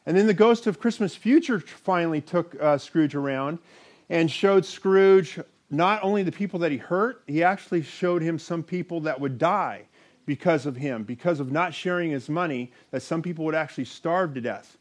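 A man preaching a sermon, reading scripture aloud and telling a story with animated delivery. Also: on the high side, normal speed.

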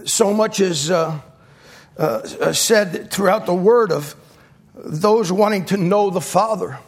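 Man, very high voice, middle-aged, impassioned preacher, repeats himself, acts out quotes. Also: takes it slowly. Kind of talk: sermon.

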